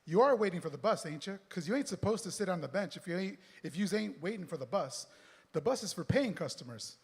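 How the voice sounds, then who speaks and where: A man voicing a nosy, pushy bus driver who talks in rough slang and scolds, read aloud on stage with a long hall reverb. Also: high-pitched, expressive, fast talker, heavily acted.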